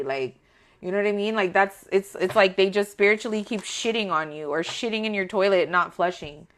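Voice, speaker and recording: A woman giving a casual tarot reading to her viewers, talking in a blunt, profane and animated way. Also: medium pitch, moderate pace. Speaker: tarot reader.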